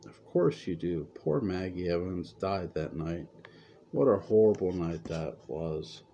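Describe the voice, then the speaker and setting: A calm sanitarium orderly with a deep, dark voice, as the story's reader puts him on. He talks slowly and gently, coaxing a patient along in an audiobook-style reading. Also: vocal fry, a little hiss or hum, heavily acted. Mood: soothing.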